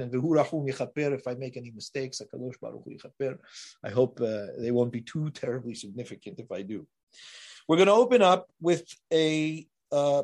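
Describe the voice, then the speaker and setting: Emphatic man giving a Torah lecture. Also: fairly high pitch. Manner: emphatic, builds to forceful rises on key words. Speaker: rabbi teaching a class.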